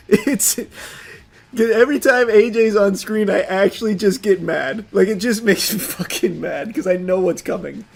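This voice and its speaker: A young man with a high voice ranting animatedly on a livestream, swearing and laughing as he goes. Faint music plays behind him, and his talk swings from loud outbursts to mumbled asides. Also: creaky. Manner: animated, profane, laughing often. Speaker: streamer. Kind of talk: casual livestream rant.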